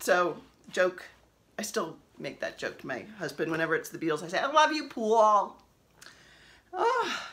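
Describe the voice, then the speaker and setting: A woman's voice: mid-range voice, a bit bright. A woman, chatting casually at home as she shows her cross-stitch projects, rambling and laughing often. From New Jersey. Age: 50s. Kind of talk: casual show-and-tell chat.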